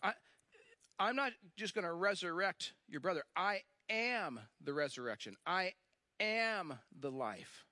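A man's voice: high-pitched, animated, sharp tone, no echo. A male pastor preaching a sermon, telling a story with emphatic repetition and acting out the lines he quotes. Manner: emphatic, repeats phrases, slows for stress.

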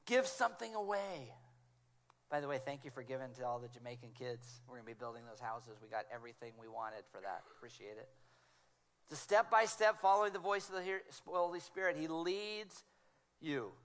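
A man preaching a sermon as a guest speaker, telling stories with animated delivery and slipping into hushed tones for quoted voices. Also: mid-range voice, brisk. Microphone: small clip-on mic.

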